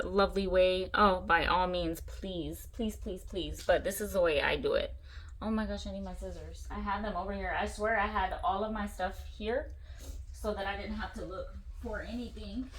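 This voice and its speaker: A woman hosting a casual crafting tutorial, chatty and excitable, gushing over her supplies. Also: medium pitch. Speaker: craft channel host.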